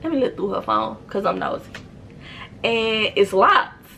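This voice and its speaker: A young woman talks straight to her viewers, telling a personal story in a relaxed, chatty way full of "like." Her mid-pitched voice has a gravelly, creaky texture, and there is a faint hiss in the background. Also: measured pace, poor audio. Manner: chatty, slangy, many fillers. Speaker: storytime vlogger. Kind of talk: casual storytelling.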